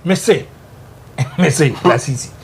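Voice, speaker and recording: On a talk show, a political panelist with a Ghanaian English accent argues politics, blending in Twi. His voice runs on the high side and a little slow, and he's emphatic, hammering his points through repetition.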